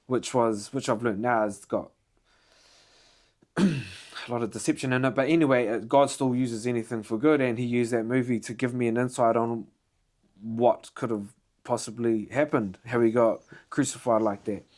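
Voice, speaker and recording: Podcast host, man, mid-pitched, animated storyteller, punchy delivery. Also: normal speed. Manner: animated retelling, punctuated with "boom". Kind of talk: casual podcast chat.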